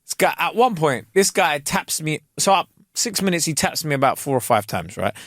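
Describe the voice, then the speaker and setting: A man co-hosting a podcast, telling a story with lots of slang. His pitch swings widely as he talks. The sound is dry and close. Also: very animated, normal speed, a bit bright, dry recording. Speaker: podcast co-host. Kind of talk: casual chat.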